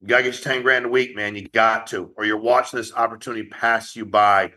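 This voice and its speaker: A man who founded a company, giving a blunt, profane motivational talk to his sales agents in an online meeting, rapid-fire and challenging. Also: fairly low pitch, fairly even intonation, pushed and bright.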